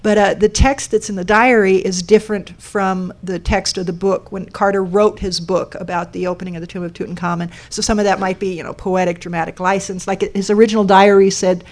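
A woman's voice: mid-range voice, steady tone, fairly quick, hardly any pauses. Woman presenter, explanatory, questions to the room, live talk. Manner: explanatory, asks the audience questions. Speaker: speaker giving a talk on a code sculpture. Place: lecture room with an audience.

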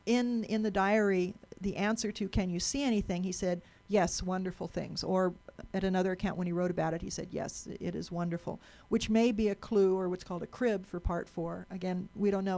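A woman's voice: fairly low pitch, steady tone, brisk, dark tone. A woman giving a talk to a live audience, chatty, asking the room questions and often repeating and restarting words.

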